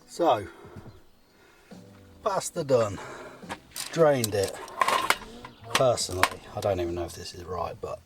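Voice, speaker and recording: A man talks slowly in a lowish voice as he cooks pasta outdoors, making fun of himself and wandering off topic. Music plays clearly under his voice. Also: very animated. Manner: self-mocking, rambling, swears lightly. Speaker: vlogger. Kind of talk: casual talk while cooking. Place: forest campsite by a car, outdoors.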